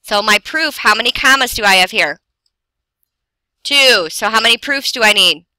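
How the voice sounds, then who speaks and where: A woman teaching a grammar lesson, explaining slowly and deliberately with pauses for emphasis. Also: on the high side, lively intonation, pushed and bright, dry recording, rough recording. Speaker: English teacher.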